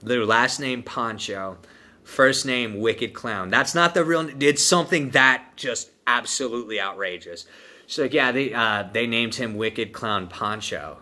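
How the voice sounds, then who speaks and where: Laid-back young man with a bright voice. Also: medium pitch, unhurried. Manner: profane, laid-back, full of "dude" and "man". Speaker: vlogger telling a trip story. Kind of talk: casual storytelling.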